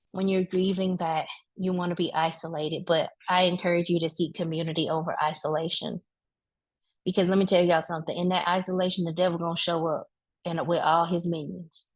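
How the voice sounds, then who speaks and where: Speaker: woman with a lowish voice, giving a motivational grief talk in a loose, colloquial preaching style. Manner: conversational preaching, addresses the crowd directly; relaxed colloquial speech with vivid asides. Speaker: speaker at a wellness event.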